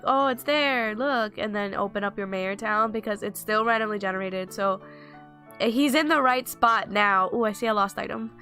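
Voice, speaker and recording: A woman's voice: on the high side, bright, forceful tone. A young woman casually commenting on her gameplay, rambling and breaking into panicked outbursts. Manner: rambling, chatty, bursts into panicked exclamations. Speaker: let's play gamer. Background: game music.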